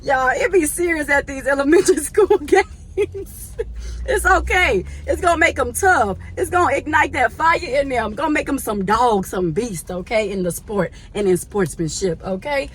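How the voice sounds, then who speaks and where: A woman telling a lively story to her viewers, chatty and slangy, laughing often and calling them y'all. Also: high voice, normal speed. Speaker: vlogger.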